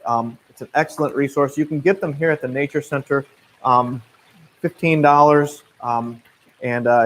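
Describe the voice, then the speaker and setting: A man in his thirties with a Midwestern US accent, working as a naturalist and answering viewer questions in a relaxed, chatty way full of fillers and restarts. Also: a little high, poor audio. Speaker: naturalist guide. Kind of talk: casual livestream Q&A.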